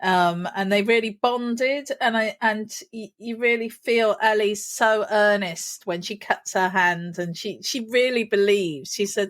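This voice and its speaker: A woman's voice: mid-range voice, slow pace. A woman, co-hosting a podcast, talking emotionally in a rambling way. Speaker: podcast co-host. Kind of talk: casual chat.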